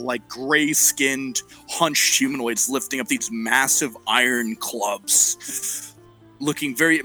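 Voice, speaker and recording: A man running a tabletop role-playing game, describing scenes in a slow, halting way. His voice is bright and forward, and faint music sits under it. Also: mid-range voice, rough recording. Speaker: game master.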